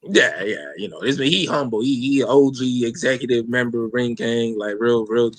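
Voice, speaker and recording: A man's voice: medium pitch, normal speed, no room sound. A man hosting a casual podcast, talking loosely in slang with lots of fillers and swearing. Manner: loose, rambling, profane slang with many fillers. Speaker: podcast host.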